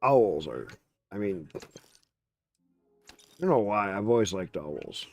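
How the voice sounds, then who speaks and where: A man streaming a game, telling a story in casual, animated chat and swearing freely. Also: lowish voice, slow pace, highs cut off, soft background music.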